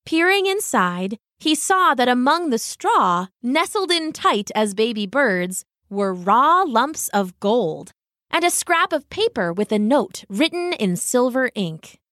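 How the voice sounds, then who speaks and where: A woman narrating a storybook tale in a gentle, expressive way. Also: a little high, slow, no echo, studio quality.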